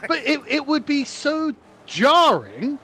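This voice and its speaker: A man's voice: very high voice, huge pitch swings, slow pace, sharp tone, a little hiss or hum. A man telling jokes and stories animatedly on a podcast panel, stumbling over his words and laughing. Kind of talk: casual panel chat.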